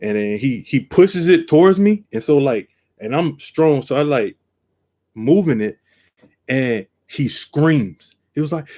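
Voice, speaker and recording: A man telling a story on a live stream, acting out each line and jumping from quiet to loud, seated at his desk camera. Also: expressive, a little slow. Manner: acts out every quote, jumps from low to loud. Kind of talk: animated storytelling.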